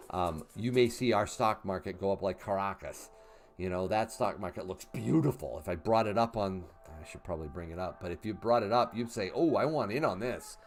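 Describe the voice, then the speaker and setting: A man in his fifties hosting a casual livestream, reading chat questions aloud and answering in a chatty way with fillers and laughs. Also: low voice. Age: 50s. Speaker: livestream host.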